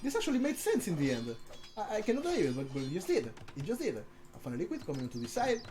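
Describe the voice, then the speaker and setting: This stream caster, again covering a strategy game, speaks quickly and sits high in pitch, with soft music underneath. Excitable and addressing his chat, he keeps restarting and repeating words.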